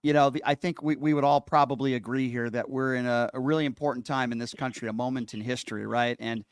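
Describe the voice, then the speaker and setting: Male call-in radio host, outspoken and emphatic, mid pitch, dry booth sound. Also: fairly even intonation, fast talker, clean tone, no echo. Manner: heated and outspoken, stressing words. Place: radio studio.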